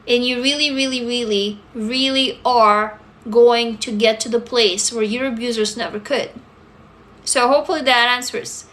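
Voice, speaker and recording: A woman's voice: fairly high pitch, fairly even intonation, moderate pace, fairly bright tone. A woman, talking bluntly and emphatically to viewers on a livestream, swearing freely. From Russia. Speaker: livestream host answering viewers. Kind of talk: casual livestream chat.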